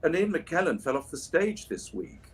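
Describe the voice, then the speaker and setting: A man's voice: a little high, very animated, moderate pace, husky. A voice actor chatting casually on a livestream while signing prints, drifting through anecdotes and restarting his sentences. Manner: rambling, anecdotal, many restarts and asides.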